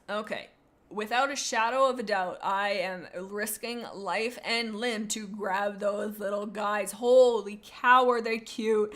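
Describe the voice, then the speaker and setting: A young adult woman streaming, chatting casually in a rambling, excitable way as she gushes about cute animals. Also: medium pitch. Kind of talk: casual livestream chat.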